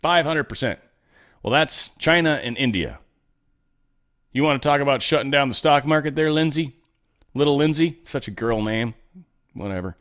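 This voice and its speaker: A man's voice: mid-range voice, moderate pace, a bit bright. A man hosting casual political commentary, rambling, profane and sarcastic, with mocking asides.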